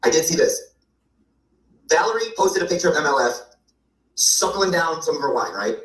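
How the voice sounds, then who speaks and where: A man's voice: on the high side, very animated, normal speed, fairly bright tone, reverberant, far from the mic, low-quality recording. A man in a played clip, ranting casually with gossip and profanity. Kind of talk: casual rant.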